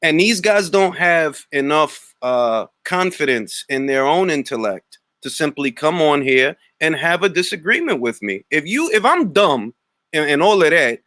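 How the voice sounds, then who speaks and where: A man with a New York accent hosts a livestream, trading mocking trash talk full of street slang. His voice swings widely in pitch and sounds bright and forceful. The sound is dry and close, with no room around it. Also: sing-song, a little slow, no room sound. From Harlem, New York. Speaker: livestream host. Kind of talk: taunting livestream rant.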